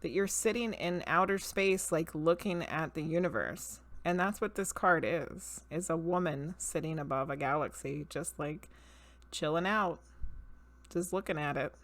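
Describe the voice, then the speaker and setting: A woman's voice: low voice, unhurried. A woman streaming live as a medium and tarot reader, chatting casually with viewers, laughing often and greeting them by name. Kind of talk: casual live-stream chat and card reading.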